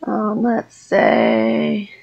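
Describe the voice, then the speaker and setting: A woman giving casual Let's Play commentary on a life-simulation game, chatting and voicing her character's reactions in quick asides. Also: mid-range voice, very animated, creaky, slightly rough, muffled recording. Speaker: gaming YouTuber.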